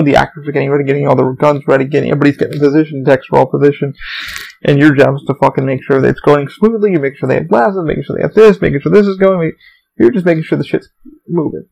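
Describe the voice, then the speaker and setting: Man, podcast host, gravelly, rambling, profane, casual storytelling. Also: a little high, a little mellow, poor audio. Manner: profane, rambling, heavy swearing. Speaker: theme park worker.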